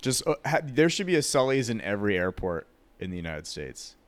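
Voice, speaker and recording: A man in a casual group talk who mostly drops in short quips. His voice sits a bit low. His pitch still moves in a lively way. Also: fairly quick. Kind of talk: casual chat.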